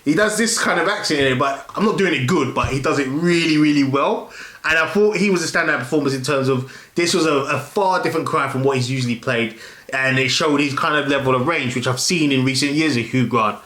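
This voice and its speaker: A man talks through a film review casually, in a rambling way, stopping and restarting often. His voice sits at an ordinary middle pitch. The room around him gives a noticeable echo. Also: brisk, a bit bright. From London, England. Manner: rambling, many fillers and restarts.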